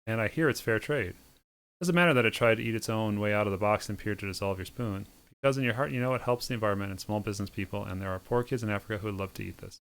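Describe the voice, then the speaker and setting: A man with a smooth, lowish voice speeds through on-screen game text. His delivery stays sardonic and deadpan, with quick mocking asides between the lines. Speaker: game streamer reading a visual novel aloud. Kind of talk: reading game text aloud with comic asides.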